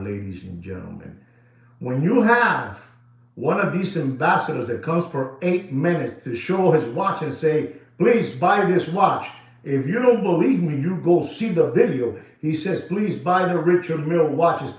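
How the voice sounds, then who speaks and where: A man hosting a watch channel, rambling and repeating himself with heavy emphasis. His pitch swings widely as he talks, a bit above the usual for a man. The sound bounces around a very echoey room. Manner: rambling, repetitive, emphatic, code-switching with Spanish. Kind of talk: casual monologue to viewers.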